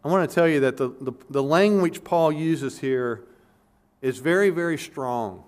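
A man's voice: a little high, measured pace, a little mellow. A man preaching a sermon as pastor, explaining scripture earnestly, with emphatic repetitions and frequent restarts.

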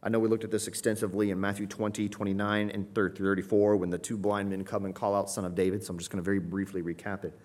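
Earnest man preaching, low-pitched voice. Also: flat delivery, quick pace, few pauses, darkish tone. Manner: earnest, rising to emphatic cries on quoted pleas; conversational teaching with fillers. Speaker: pastor. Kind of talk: expository sermon.

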